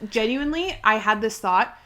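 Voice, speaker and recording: A woman with a bright, forceful voice pitched a little high, co-hosting a relaxed podcast chat. She talks effusively and repeats phrases for emphasis. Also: moderate pace, slight background noise. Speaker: podcast co-host. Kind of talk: casual chat.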